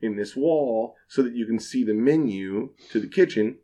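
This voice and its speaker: A young man, a bartender, telling a wild story in casual podcast chat, animated and full of swearing. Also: medium pitch, normal speed. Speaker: bartender guest.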